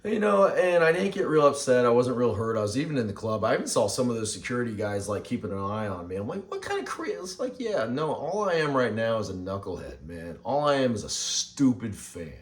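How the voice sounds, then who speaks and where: A man in his forties ranting in a casual vlog. He rambles with halting restarts and sounds frustrated. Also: mid-range voice, sing-song.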